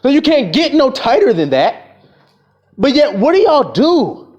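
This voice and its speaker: A man's voice: extremely high pitch, huge pitch swings, a little slow, a little mellow, muffled recording. A man delivering an angry, profane street sermon, scolding his listeners and mocking the voices of people he quotes. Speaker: preacher.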